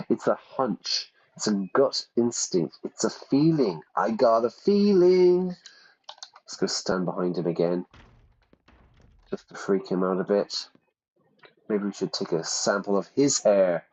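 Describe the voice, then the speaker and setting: A man streaming a detective game, reading the clues aloud and reacting loudly to each twist. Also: lowish voice. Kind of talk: casual gameplay commentary. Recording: slightly dull lo-fi audio.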